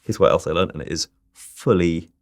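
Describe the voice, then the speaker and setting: A man's voice: low voice, a little fast, noisy background. A man hosting a casual interview as a film critic, joking and laughing often. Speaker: radio film critic and host.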